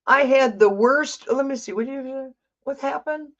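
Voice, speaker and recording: A woman's voice: high voice, moderate pace, highs cut off. A woman doing a live tarot reading, chatting casually and thinking aloud as she corrects herself. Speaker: tarot reader.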